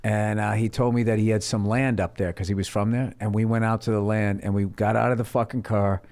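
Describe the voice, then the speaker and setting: Profane, animated storytelling man. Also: lowish voice, a little fast. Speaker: guest comedian. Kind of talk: casual comedy podcast chat.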